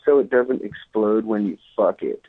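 Guy with a lowish voice telling a dirty joke on a voicemail, phone sound. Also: normal speed, breathy edge. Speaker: caller. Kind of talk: phone message. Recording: tinny phone line.

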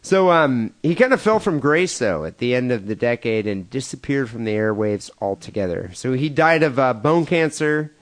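A man's voice: medium pitch, big pitch swings, moderate pace, few pauses. A man co-hosting a crude comedy podcast in casual chat, rambling with lots of fillers and laughing at his own jokes. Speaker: podcast co-host.

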